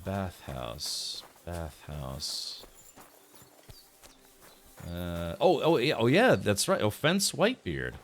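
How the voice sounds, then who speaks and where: A man's voice: medium pitch, big pitch swings, moderate pace, few pauses, a little hiss or hum. A man streaming a game, chatting casually, thinking aloud and answering his chat. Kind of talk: casual gameplay commentary.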